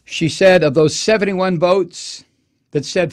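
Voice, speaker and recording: A man's voice: high-pitched, fairly even intonation, measured pace. A man hosting a political talk radio show, delivering an impassioned, profane and sarcastic monologue.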